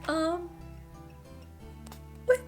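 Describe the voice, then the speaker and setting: A woman's voice: extremely high pitch, lively intonation, very slow, over music. A young woman chatting casually and emotionally in a reading vlog, tired and full of exclamations. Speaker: book vlogger.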